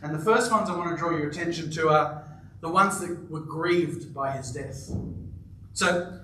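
Lively high-voiced preacher in echoey church. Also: male voice, far from the mic, a little hiss or hum. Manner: animated storytelling with playful asides. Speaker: pastor. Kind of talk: sermon. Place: church auditorium with live congregation.

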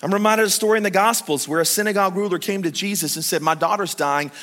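A middle-aged male pastor preaching a sermon, swinging from loud urgent calls to hushed, intimate pleading as he tells stories and speaks straight to the congregation. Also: high voice, very fast. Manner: storytelling, addresses the congregation directly. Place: church sanctuary. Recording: long hall reverb.

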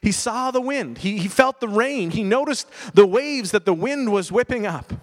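A man's voice: high voice, expressive, normal speed. A man preaching a sermon, telling a story with emphasis and putting direct questions to his listeners. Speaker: pastor. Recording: long reverb of a large hall.

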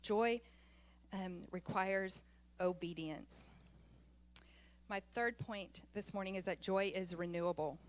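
A woman pastor preaching a sermon, telling a personal story in an animated way and laughing often as she goes. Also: medium pitch, slow pace, long pauses.

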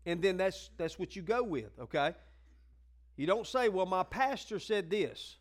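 A man with a high voice preaches to his congregation in a folksy, conversational way. He acts out the people in his stories and climbs into fervent, rousing exhortation. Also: expressive, moderate pace. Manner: acts out quoted voices in dialogue. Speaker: pastor. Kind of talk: sermon.

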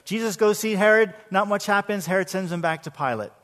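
A man's voice: high-pitched, a little fast, a bit bright. A man preaching a sermon to his congregation in a church, talking conversationally, often repeating words as he starts a phrase, and asking his listeners questions. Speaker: pastor. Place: church sanctuary. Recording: long hall reverb.

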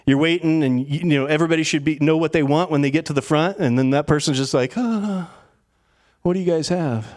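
A man's voice: a little high, steady tone, quick pace, few pauses, a little mellow. A man preaching a sermon as pastor, talking in a casual storytelling way with plenty of fillers.

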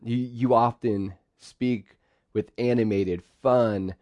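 A man preaching a sermon, lively, acting out quoted phrases in sudden bursts. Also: mid-range voice, slow, dry recording, lo-fi sound. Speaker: pastor.

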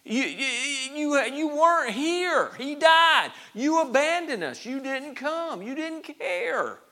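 A man preacher voicing a grieving woman who reproaches her Lord, pleading and accusing in slow, drawn-out questions. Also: very high voice, sing-song, pushed and bright, pitched above the performer's own voice, full character voice. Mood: anguished.

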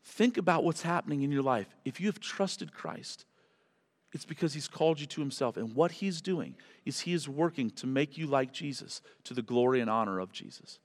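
A male pastor with a medium-pitched, expressive voice speaks at normal speed as he ends his sermon and prays. He is earnest and pleading, occasionally stumbling and correcting himself, and the sanctuary sounds reverberant.

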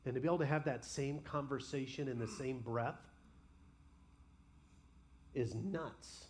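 A man preaching a sermon as pastor, passionately voicing honest prayers to God and then dropping to quiet, personal reflection. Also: mid-range voice, measured pace, slight background noise. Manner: impassioned, voices imagined prayers aloud.

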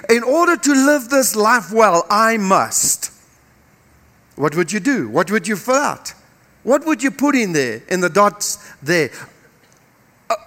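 High-voiced fifty-something pastor preaching. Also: male voice, a bit bright. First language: Dutch. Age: 50s. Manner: emphatic, repeating phrases, joking with the congregation. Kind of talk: sermon.

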